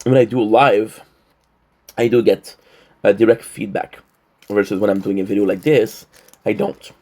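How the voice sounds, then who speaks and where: A man's voice: on the low side, fairly even intonation, moderate pace, warm tone. A man vlogging to camera in a rambling, joking monologue, short on sleep. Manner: rambling, joking, playful asides. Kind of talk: casual vlog monologue to camera.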